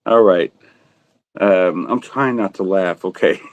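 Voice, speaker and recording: Joking low-voiced auction host. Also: male voice, takes it slowly, no echo, muffled recording. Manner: joking, laughs often, self-teasing; talks buyers through bids by name. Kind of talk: casual livestream auction chat.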